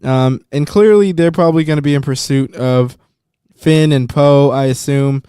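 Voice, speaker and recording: A man's voice: mid-range voice, moderate pace, dark tone, clean tone, no room sound, clean studio sound. A man hosting a podcast in casual chat, talkative and hesitant with many ums. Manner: chatty, hesitant with frequent ums. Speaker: podcast host.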